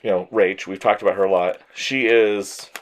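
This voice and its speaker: A man's voice: fairly low pitch, moderate pace. A man co-hosting a toy show, telling a story in casual chat with a stuffy, allergy-congested voice and acting out other people's reactions. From Colorado. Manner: animated storytelling, mimics others.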